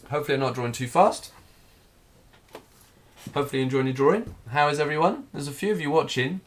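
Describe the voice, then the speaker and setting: A man teaching a live figure drawing class, talking through each stroke as he draws, in a relaxed, thinking-aloud way. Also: fairly high pitch, fast talker.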